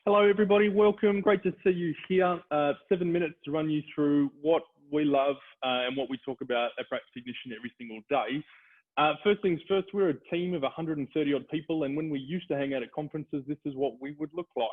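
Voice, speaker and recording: An Australian man giving an energetic, upbeat webinar product presentation. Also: a little high, quick pace. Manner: upbeat, energetic salesman delivery. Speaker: software company presenter. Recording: tinny phone-like call audio.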